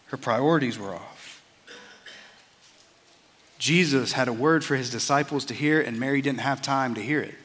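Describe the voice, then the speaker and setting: A man's voice: medium pitch, normal speed, long pauses, a bit bright, in a large hall. A man preaching a sermon as a pastor, earnest and conversational, often repeating words as he starts a phrase.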